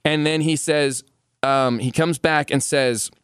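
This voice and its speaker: Man, podcast co-host, incredulous, animated, restarts a lot, higher voice, dry sound. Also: slow pace, smooth, no room sound. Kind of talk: casual podcast conversation.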